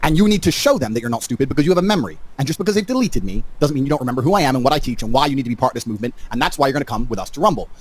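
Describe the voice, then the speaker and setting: A man's voice: mid-range voice, expressive, rapid-fire, hardly any pauses, husky. A man talking defiantly to viewers in a livestream monologue, rallying them directly. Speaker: online personality.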